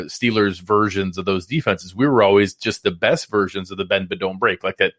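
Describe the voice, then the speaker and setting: A man's voice: fairly low pitch, a bit bright, no echo, studio quality. A man co-hosting a post-game sports talk show, breaking down plays in emphatic detail. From Buffalo area. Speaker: podcast co-host.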